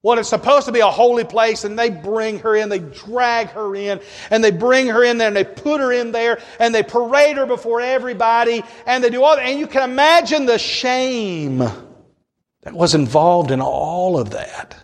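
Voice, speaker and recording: High-voiced impassioned male preacher. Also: normal speed, in a large hall. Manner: impassioned, swings between soaring high cries and low hushed storytelling. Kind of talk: sermon.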